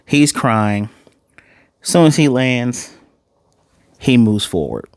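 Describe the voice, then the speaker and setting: A man giving a casual, animated recap and reaction to an anime episode, acting out the characters' lines in quick asides. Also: medium pitch, no echo, studio quality. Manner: loose and chatty, with fillers and self-corrections. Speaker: anime reviewer.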